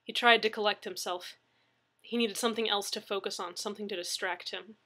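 A woman narrating a story aloud in a measured storytelling manner. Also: medium pitch, steady tone, bright, forceful tone. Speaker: audiobook narrator. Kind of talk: story reading.

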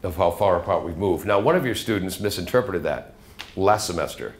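A middle-aged radio host speaks to a college classroom. His voice sits a little low, and he rambles through anecdotes in a chatty way, ready to drop into a character voice at any moment. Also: lively intonation, brisk, a little hiss or hum. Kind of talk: guest lecture to a college class.

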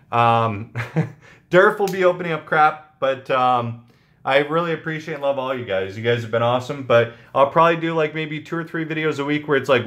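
A man's voice: medium pitch, a bit bright. A man hosting his channel, chatting casually with viewers in a rambling, joking way. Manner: rambling, joking, with frequent fillers. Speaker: channel host.

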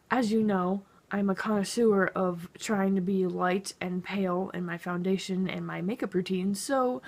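A woman's voice: mid-range voice, a little mellow. Sarcastic swearing young woman vlogger. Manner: sarcastic, exasperated, swears a lot. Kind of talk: casual storytelling vlog.

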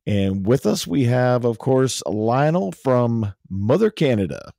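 A man's voice: medium pitch, very animated, slow, creaky, warm tone, dry recording, studio quality. A man from the United States hosting a podcast in laid-back, casual chat, with plenty of fillers. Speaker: podcast host.

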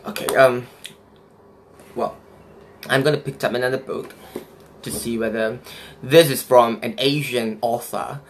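A man's voice: mid-range voice, fairly even intonation, measured pace, long pauses, background noise, close to an everyday voice. A man playing a vain young woman who speaks Malaysian English with a put-on British accent, affected and self-important, in a comic character monologue. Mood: flustered. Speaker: comedy sketch performer.

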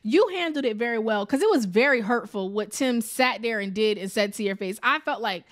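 A woman's voice: fairly high pitch, lively intonation, fairly quick. A woman giving a casual, exasperated reality TV review, chatty and emphatic, repeating words for effect and saying "like" often. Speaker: TV show reviewer.

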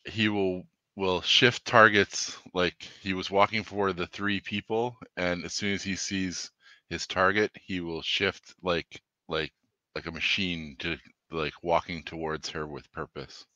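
Deep, hesitant man playing a tabletop game. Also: steady tone, measured pace, bright, forceful tone, no echo. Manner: rambling, hesitant, self-deprecating. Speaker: player. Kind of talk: casual tabletop game play.

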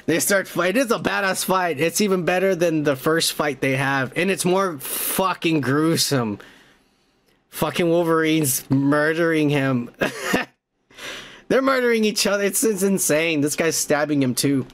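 A man hosting a podcast, excitedly recapping a movie in a casual, profane, rambling way. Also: a little high, unhurried. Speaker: podcast host.

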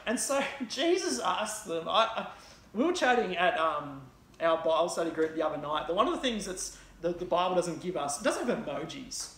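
A woman's voice: fairly low pitch, lively intonation, normal speed, roomy sound. Chatty woman preaching in a church. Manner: chatty, conversational retelling with fillers. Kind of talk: sermon.

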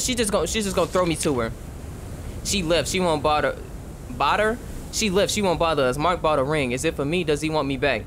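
A man's voice: a little high, fairly quick, a bit bright, a little hiss or hum. A young man giving casual, profane, jokey gameplay commentary. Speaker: gaming streamer.

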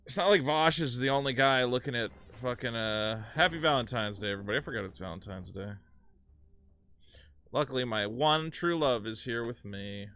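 Bright, crisp-voiced male streamer. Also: medium pitch, normal speed, no room sound. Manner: rambling and profane, scolding his cat. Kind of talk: casual live gaming stream chat.

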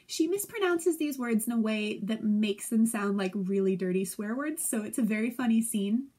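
A woman teacher with a fairly high, slightly mellow voice and a breathy edge casually summarizes a play for her students in a classroom video. She's chatty and playful, using lots of fillers.

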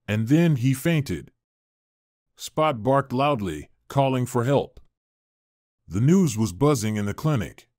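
Lively male storyteller, dry sound. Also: mid-range voice, slow, no echo. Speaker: narrator. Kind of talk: scripted story narration.

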